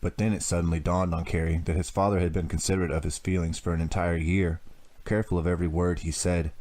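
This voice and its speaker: A man narrating a teen horror audiobook in a measured, even storytelling manner. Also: low voice.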